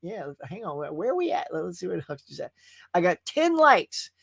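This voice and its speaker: A man's voice: sits high, very animated, fairly quick, creaky, fairly bright tone, slightly rough, no echo, clean studio sound. A man hosting a live movie chat stream, casual and folksy, chatting straight to his viewers. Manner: chatty and folksy, often calls viewers "y'all".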